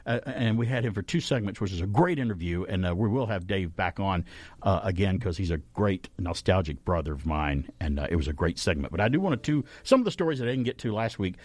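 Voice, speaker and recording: Lively male radio host, close and dry. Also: sits low, fast, no echo. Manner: animated, reads news items aloud with asides and laughs. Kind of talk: casual radio chat.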